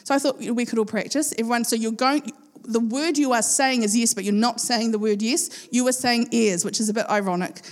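A woman preaches in a lively, chatty way and laughs easily with her congregation. Her voice sits a little high. A long reverb hangs around her words in a large hall. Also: fairly quick. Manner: chatty and playful, laughs often, speaks to a live congregation. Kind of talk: sermon.

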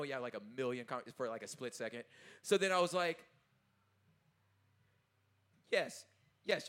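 A man in his thirties giving a casual, animated talk to an audience, often checking in with his listeners and laughing as he goes. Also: fairly high pitch. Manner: loose, informal phrasing with laughs. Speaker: artist speaking at a talkback.

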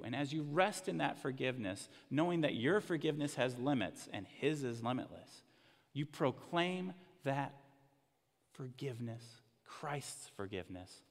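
A male pastor preaches with a gravelly, rough-edged voice. His words ring out with a long reverb tail in a large hall. He moves between earnest emphasis and soft, hushed passages. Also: medium pitch. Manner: storytelling, dropping to a hushed, emotional near-whisper in quiet passages. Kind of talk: sermon.

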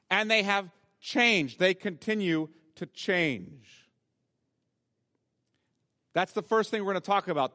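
High-voiced preacher in a reverberant church. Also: male voice, a bit bright. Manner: emphatic preaching, reads scripture aloud, slows for stress. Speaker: pastor. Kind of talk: sermon. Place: church sanctuary.

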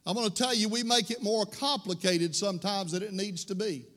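High-voiced folksy preacher in a church. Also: male voice, fairly quick, a bit bright, big-room sound. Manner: folksy storytelling preacher, rising to fervent. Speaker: pastor. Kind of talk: sermon. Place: church sanctuary.

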